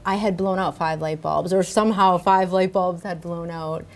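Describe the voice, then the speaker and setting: A middle-aged woman speaking as a spirit medium guest in casual interview chat, warm and enthusiastic, often repeating herself. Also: lowish voice, steady tone, normal speed. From United States.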